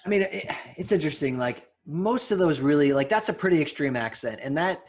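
A man with a faint New York accent, co-hosting a casual podcast chat, talking quickly with asides and easy laughs. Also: on the high side, expressive. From New York, Long Island area. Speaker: podcast co-host.

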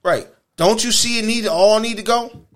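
A man's voice: high-pitched, normal speed, fairly bright tone. A man co-hosting a casual podcast, joking and teasing as he talks, with music faint in the background. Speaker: podcast co-host. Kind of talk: casual profane chat.

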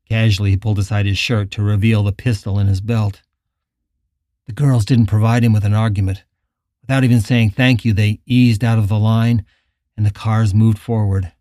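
A man narrating an audiobook in an even, measured way. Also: lowish voice, no echo, clean studio sound.

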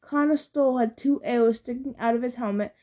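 A woman reading a fantasy novel aloud, narrating in first person and voicing the characters' shouted lines. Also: fairly quick. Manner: acts out dialogue with louder, higher shouts. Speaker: audiobook reader.

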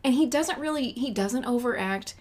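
A woman co-hosting a casual chat about movies, chatty and quick to laugh. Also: fairly high pitch, darkish tone. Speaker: podcast co-host.

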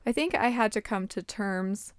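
A young woman talking candidly in a casual conversation, her voice smooth and clear at a middle pitch. She often pauses and restarts as she searches for the right words. The sound is close and dry, with no room echo. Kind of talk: casual chat.

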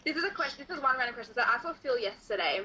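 A woman's voice: high voice, lively intonation, very fast, sharp tone, muffled recording, slight background noise. A woman hosting a podcast over a video call, casual and giggly. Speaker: podcast host. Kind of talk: casual chat.

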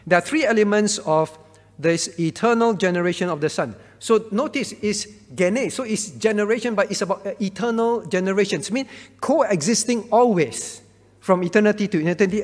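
High-voiced pastor in a reverberant hall. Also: male voice. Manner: repeats key phrases, checks in with listeners. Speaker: pastor answering Bible questions. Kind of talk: teaching Q&A talk.

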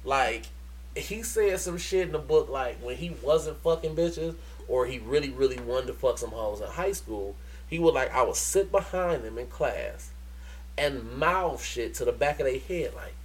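A man telling stories in casual, profane podcast chat, animated and laughing often. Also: medium pitch, measured pace, slight background noise. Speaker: podcast co-host.

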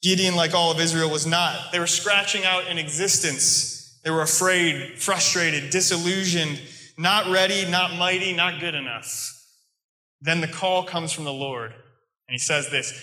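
Pastor, American man, storytelling sermon delivery, very bright forceful tone, slightly high voice, roomy echo. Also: normal speed. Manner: conversational storytelling preaching. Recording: echoey room sound.

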